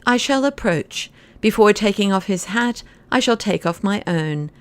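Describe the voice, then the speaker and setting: A woman reading the part of a giddy, tipsy young man who talks in a rapid, exuberant rush. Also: medium pitch, lively intonation, natural voice.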